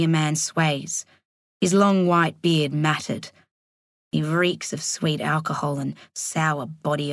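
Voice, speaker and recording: Low-voiced woman reading an audiobook. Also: dry recording, studio quality. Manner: measured, slowing on tense moments. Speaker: audiobook narrator. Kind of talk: scripted audiobook narration.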